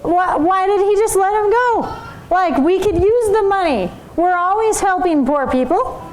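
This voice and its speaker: A woman's voice: very high voice, measured pace, a little hiss or hum, pitched above the performer's own voice, low-quality recording. A woman doing a greedy, scheming servant. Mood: eager. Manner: eager, wheedling.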